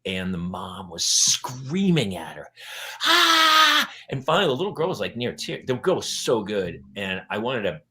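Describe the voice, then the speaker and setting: Animated, bright-voiced male podcast host. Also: normal speed, hardly any pauses. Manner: animated storyteller, jumps into loud high voices for quotes. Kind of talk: casual panel chat.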